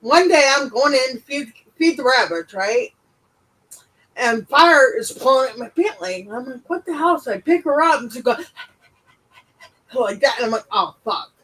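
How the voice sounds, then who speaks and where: A woman co-hosting a casual livestream, telling stories in an animated way and swearing freely. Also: high-pitched, unhurried, pauses often, low-quality recording. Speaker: co-host.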